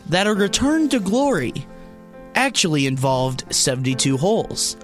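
A man reading a mock-dramatic documentary intro in a slow, portentous voice. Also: high-pitched, very animated, soft background music. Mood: mock-solemn. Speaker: intern reading a parody sports documentary intro.

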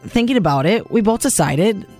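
A woman's voice: mid-range voice, animated, normal speed, darkish tone, soft background music. A woman hosting a radio show, chatting earnestly and personally at length. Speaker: radio host. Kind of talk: casual radio chat.

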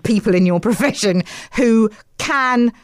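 A woman's voice: on the high side, unhurried, smooth, dry recording. Bubbly woman hosting breakfast radio. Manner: bubbly, laughs easily, chatty. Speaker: radio host.

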